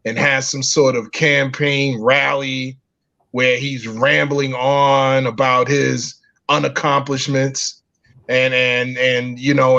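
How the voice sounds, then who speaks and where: A man with a gravelly, fry-heavy voice who stays flat and even as he hosts a political talk show. He speaks in a measured way, pausing on fillers. The audio is dull and lo-fi. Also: medium pitch. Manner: measured, many filler pauses.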